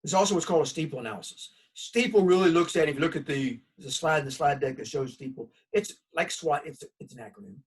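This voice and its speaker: Southern guy teaching a class, chatty and folksy, kinda husky, sounds a little far from the mic. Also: fairly high pitch, fast talker, few pauses. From United States. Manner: folksy, conversational, animated storytelling. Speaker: college instructor. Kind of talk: recorded course lecture.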